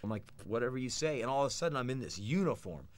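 A man's voice: medium pitch, fast. Blunt American man telling stories. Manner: blunt, animated anecdotes, acts out quoted voices. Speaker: interviewee. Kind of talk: candid storytelling interview.

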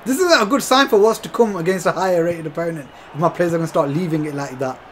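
A man giving excitable, chatty commentary over a football video game, often calling to his viewers as lads. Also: a little high, fast, slight background noise. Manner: chatty, keeps calling viewers lads, bursts into shouts and laughs. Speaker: gaming YouTuber.

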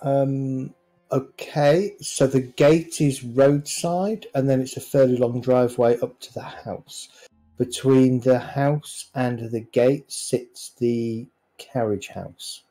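Slow, mellow-voiced male game master. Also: medium pitch, faint music behind, poor audio. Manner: unhurried, descriptive narration. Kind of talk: narrating a tabletop game.

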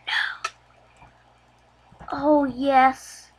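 A woman giving casual, chatty commentary over a video game, getting excited and laughing as she plays. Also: high voice, slow, noisy background. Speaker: gameplay commentator.

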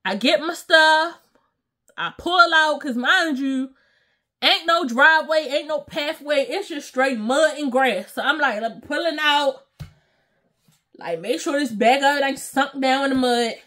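A woman's voice: high-pitched, a little slow. A young woman casually telling a story to her viewers, acting out what everyone said with exclamations and slang. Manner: animated, acts out quotes with exclamations and slang. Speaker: storytime vlogger.

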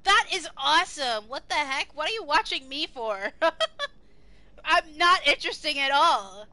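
Excitable high-voiced young woman streamer. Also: measured pace, dry recording. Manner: excitable, swears freely, sings along with music. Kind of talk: casual live-stream chat.

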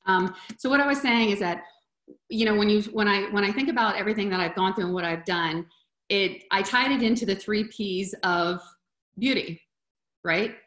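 A woman talks over a video call, casual and heartfelt, sometimes getting choked up. Her voice sits at a middle pitch. The room is noticeably echoey. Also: normal speed, a bit bright. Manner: emotional, chokes up at times. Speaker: webinar presenter.

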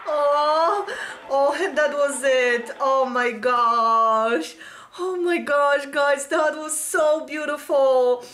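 A woman's voice: sits high, drawn-out words. A woman hosting a reaction video, gushing and squealing and singing along while music plays behind her. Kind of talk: excited reaction commentary. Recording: music playing loudly behind. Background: pop music playing.

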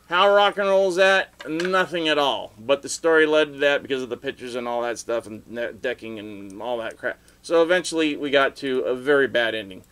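Middle-aged man, casual vlog storytelling, rambling, animated, loud outbursts. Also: medium pitch, a little fast. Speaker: vlogger telling stories.

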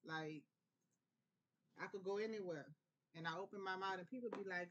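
A woman from New Orleans with a New Orleans accent, giving a relaxed, prayerful tarot reading in a conversational way. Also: mid-range voice, normal speed, long pauses, lo-fi sound, a little hiss or hum. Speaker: tarot reader. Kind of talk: casual spiritual tarot reading.

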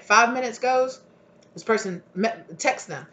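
A woman giving a casual tarot reading, telling a story in an animated way and acting out the voices of the people in it. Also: on the high side, a little slow, dull audio. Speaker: tarot reader.

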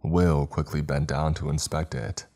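A man narrating a horror story in a steady, measured way. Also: very deep voice. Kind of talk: scripted narration.

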